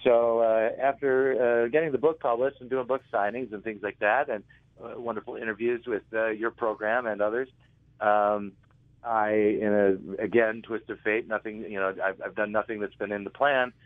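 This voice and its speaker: A man's voice: on the low side, steady tone, normal speed, dry recording. A man interviewed as an author, telling rambling anecdotes and often correcting himself mid-sentence. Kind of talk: casual storytelling. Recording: tinny phone line, dry.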